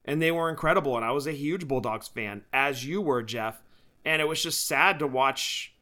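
A man's voice: medium pitch, normal speed, bright, forceful tone. A man co-hosting a podcast, chatting casually and enthusiastically about wrestling shows and collectibles. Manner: enthusiastic, chatty, laughs often. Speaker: podcast co-host. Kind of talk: casual chat.

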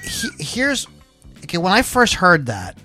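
Rambling bright-voiced male podcast host. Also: high voice, wildly swooping pitch, a little slow, faint music behind. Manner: rambling, many fillers and restarts. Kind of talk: casual chat.

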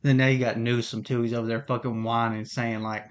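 A man's voice: medium pitch, level tone, brisk. A man hosting a podcast, ranting heatedly in a rambling, profane monologue. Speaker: podcast host. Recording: dull lo-fi recording.

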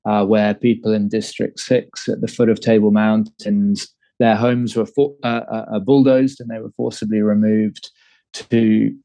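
English guy in his thirties, rambling storyteller, lowish mellow voice. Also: flat delivery, unhurried, creaky, no room sound, rough recording. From England. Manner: rambling, many fillers and restarts. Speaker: guest. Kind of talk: conversational storytelling.

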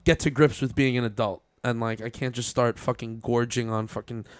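A man's voice: mid-range voice, steady tone, brisk, no echo, clean studio sound. A man in casual chat, swearing often and restarting his sentences. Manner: profane, stammering restarts.

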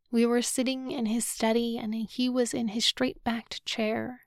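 A woman narrating a novel in the first person, with a measured, subdued, solemn reading. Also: on the high side, flat delivery, gravelly, no room sound, clean studio sound. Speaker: audiobook narrator.

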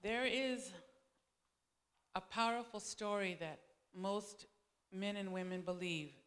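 A woman's voice: medium pitch, fairly even intonation, slow pace, fairly bright tone, long reverb tail. A woman pastor giving a sermon, telling stories in a loose conversational way with frequent restarts. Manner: conversational storytelling, many restarts.

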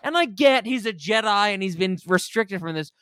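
A man's voice: sits high, expressive, moderate pace, fairly bright tone, clean tone, no room sound, studio quality. A man co-hosting a casual, jokey film discussion, acting out lines in mock voices. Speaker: podcast co-host.

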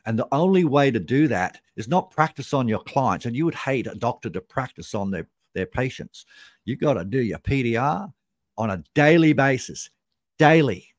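A man's voice: medium pitch, no echo, studio quality. A man, a sales trainer explaining his method as a podcast guest, punchy and repeating key points for emphasis.

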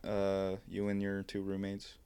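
A man's voice: low voice, completely flat delivery, unhurried, smooth. A young man hosting a casual podcast chat, joking and swearing among friends. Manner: joking, swearing, laughs loudly.

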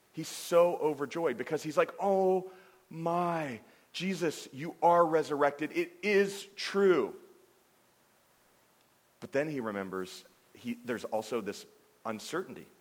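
A man delivers a conversational sermon, animated and prone to false starts and filler. His voice sits at an ordinary middle pitch for a man. The sound rings with a long reverb, as in a large hall. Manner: animated, stumbling restarts and filler "I mean". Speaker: pastor.

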